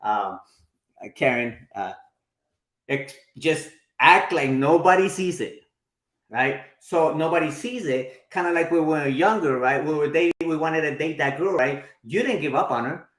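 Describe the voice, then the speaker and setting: A man's voice: fairly high pitch, lively intonation, measured pace, a bit bright, roomy sound. A man in his forties teaching a live workshop, chatty, often checking in with his listeners. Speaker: marketing instructor.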